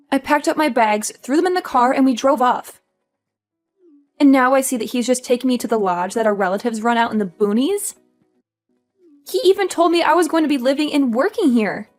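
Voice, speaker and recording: A woman voicing a spoiled, entitled sister-in-law who taunts with mocking laughs, in a dramatized story. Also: high voice. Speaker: voice actor.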